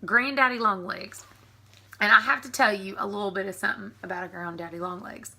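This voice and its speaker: A woman's voice: mid-range voice, steady tone, fairly quick, gravelly, sharp tone. A woman in her thirties with a Southern American accent, chatting casually and giggling through an accent tag video. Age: 30s. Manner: chatty, giggly, frequent ums. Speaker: vlogger.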